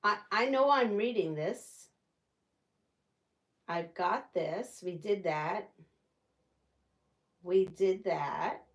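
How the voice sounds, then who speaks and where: A woman's voice: mid-range voice, drawn-out words, pauses often, muffled recording. A woman hosting a casual live quilting stream from her quilting room, chatting with viewers and laughing often. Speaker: quilting channel host. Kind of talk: casual live-stream chat while sewing.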